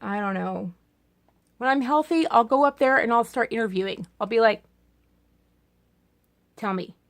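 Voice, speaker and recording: A woman's voice: fairly high pitch, fairly quick. A woman ranting casually in a political vlog, chatty and sarcastic, rambling with many restarts. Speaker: political vlogger.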